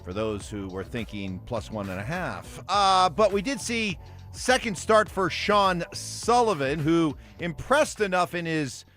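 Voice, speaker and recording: A man's voice: fairly high pitch, a little slow, soft background music. A man hosting a morning sports radio show, reading game results and chatting with co-hosts. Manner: animated, reads sports news updates. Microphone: studio microphone.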